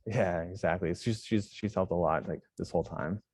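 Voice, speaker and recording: Low-voiced rambling young man. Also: normal speed, crowd noise. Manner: rambling, many "like" fillers and restarts. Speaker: jiujitsu instructor and gym owner. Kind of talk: casual interview answers.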